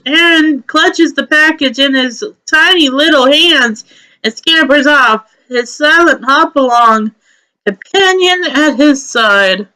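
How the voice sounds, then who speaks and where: Unhurried high-voiced woman reading a game story. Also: bright, forceful tone, low-quality recording. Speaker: let's play narrator.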